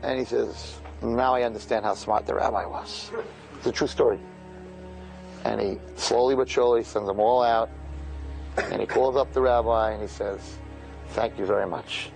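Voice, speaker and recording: A man telling a story in an animated way, acting out the characters with big jumps in pitch and loudness. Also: normal speed, vocal fry, faint music behind, rough recording. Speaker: speaker at a fundraising broadcast.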